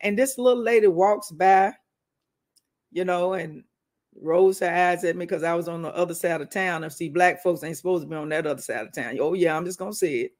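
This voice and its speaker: A woman's voice: lowish voice, a little fast, darkish tone. A woman minister giving a preaching-style teaching talk, conversational, telling personal stories and calling out to her listeners. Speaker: minister teaching a weekly wisdom segment.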